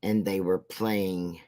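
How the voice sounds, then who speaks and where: A man giving a casual commentary rant as a vlogger, rambling and mocking, with halting restarts. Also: deep voice, a little mellow.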